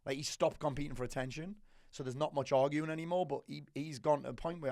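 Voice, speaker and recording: A man's voice: fairly high pitch, quick pace, gravelly, dry recording, clean studio sound. A middle-aged man, a business coach on a podcast, chatting casually, swearing freely and joking. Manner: swears freely, animated and jokey.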